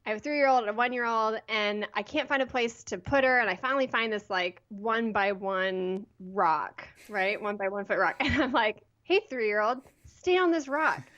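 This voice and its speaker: A woman in her thirties, a podcast guest telling a personal story in a chatty, animated way with lots of "like". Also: mid-range voice, moderate pace, few pauses, highs cut off. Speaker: guest, photography blogger. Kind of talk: casual interview storytelling.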